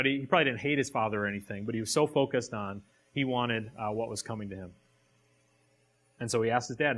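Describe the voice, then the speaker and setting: A man's voice: medium pitch, a bit bright. A man reading a passage aloud and then preaching on it, with direct questions to a live audience. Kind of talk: sermon.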